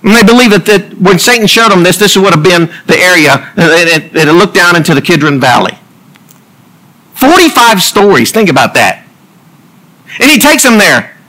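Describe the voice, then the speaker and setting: A male preacher whose sermon runs on jokes and quick asides, laughing at his own lines. His voice sits high and bright, and his pitch leaps up and down as he tells it. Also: rough recording. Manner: animated, jokey asides and laughs. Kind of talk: humorous sermon.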